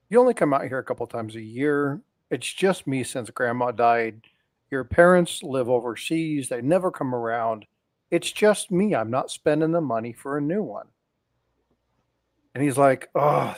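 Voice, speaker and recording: A man's voice: medium pitch, no echo. A man casually telling long jokes on a live stream, animatedly doing the characters' voices as he goes. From lived in Utah.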